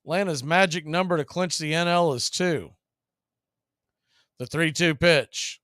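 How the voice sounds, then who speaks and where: A man calling live baseball play-by-play on the radio, brisk and rooting for the home team. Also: fairly bright tone, no echo, clean studio sound. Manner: partisan home-team calls, brisk pitch-by-pitch delivery.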